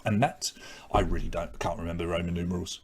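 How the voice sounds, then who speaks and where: A man's voice: low-pitched, steady tone, fast, a little mellow, breathy edge. A man hosting a live online pub quiz, reading out questions and scores in a chatty, self-deprecating way.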